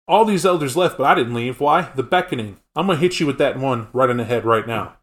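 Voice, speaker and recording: A man's voice: medium pitch, animated, quick pace, fairly bright tone, close to an everyday voice. A man voicing an ancient, domineering male vampire elder who talks blunt street slang. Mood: taunting.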